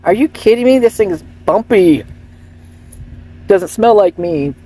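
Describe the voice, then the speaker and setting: A woman's voice: mid-range voice, animated, measured pace, dark tone, breathy edge. Woman voicing a grumpy complaining pet dog. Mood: indignant. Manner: indignant, complaining.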